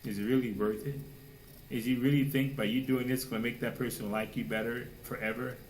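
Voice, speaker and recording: A man preaching a sermon with fervor, firing rhetorical questions and now and then mocking people in a high, put-on voice. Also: flat delivery, brisk, slight background noise, poor audio.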